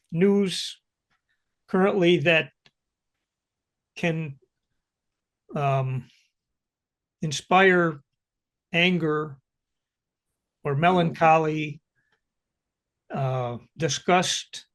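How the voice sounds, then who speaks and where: A male interviewer on a video call, asking slow, thoughtful questions with pauses and fillers. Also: a little high. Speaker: interviewer for a jazz archive.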